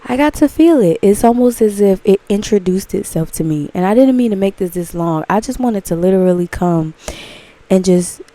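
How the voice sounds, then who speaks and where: A woman rambling in a casual, gushing monologue to camera, full of fillers and swearing. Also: normal speed. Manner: breaks into excited high exclamations. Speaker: vlogger.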